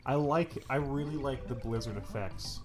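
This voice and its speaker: A young man in casual conversation about video games, joking around and laughing easily. His voice sits at an average pitch, with music playing underneath. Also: moderate pace. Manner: jokey, lively, laughs often. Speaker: podcast co-host. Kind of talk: casual gaming chat.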